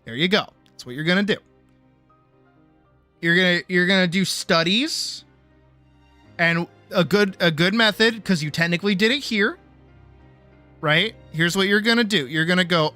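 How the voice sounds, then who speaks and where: A man's voice: sits high, moderate pace, long pauses, sharp tone, faint music behind. A man streaming art who lectures viewers in a blunt, teasing way, with profanity and playful bravado. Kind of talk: casual live-stream art lesson.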